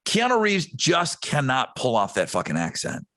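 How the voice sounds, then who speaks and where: A man co-hosting a podcast, riffing on movies in a crude, animated way and swearing often. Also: mid-range voice, moderate pace, no echo. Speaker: podcast co-host. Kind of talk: casual chat.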